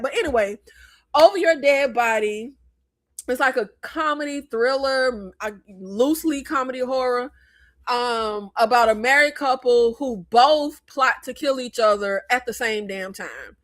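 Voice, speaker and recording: An American woman hosting a casual movie review chat, blunt and animated, with rambling asides. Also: on the high side, a little slow. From United States. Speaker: host.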